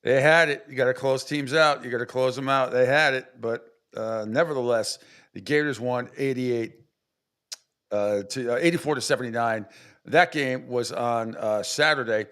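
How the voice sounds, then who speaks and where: Man, sports radio host, mid pitch, casual recap, filler-heavy. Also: moderate pace, a bit bright, clear, resonant tone. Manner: conversational, many fillers.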